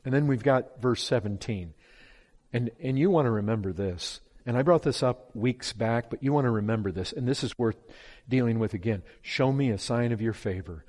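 A man preaching a sermon with fervor, swinging from hushed pleading to loud, impassioned calls. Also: mid-range voice, moderate pace. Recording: long hall reverb.

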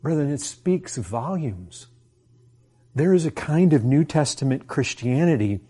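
A man's voice: a little high, lively intonation, a little slow, dark tone, slightly rough. A man preaching a sermon to his congregation, impassioned and full of rhetorical questions.

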